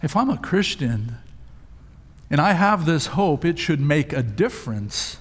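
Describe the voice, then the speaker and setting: A man's voice: a little high, big pitch swings, measured pace, husky. A male pastor preaching a sermon, telling stories with emphatic rises in his voice. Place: church sanctuary. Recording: long hall reverb.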